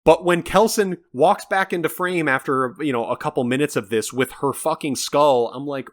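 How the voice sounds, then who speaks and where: A man co-hosting a podcast, chatting casually about a film in an animated, rambling way with some swearing. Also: fairly high pitch, normal speed, hardly any pauses. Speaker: podcast co-host. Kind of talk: casual film review chat.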